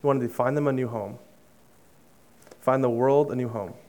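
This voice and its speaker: A young man giving a sermon, telling a personal story in an earnest, conversational way with many fillers and restarts, dropping to a soft hush on emotional lines. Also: medium pitch, moderate pace. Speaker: preacher.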